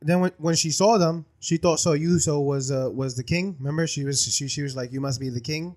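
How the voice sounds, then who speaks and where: A man's voice: on the high side, fairly even intonation, fairly quick, a little mellow. A man co-hosting a casual podcast chat, laid-back and slangy. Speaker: podcast co-host. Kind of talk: casual anime recap chat.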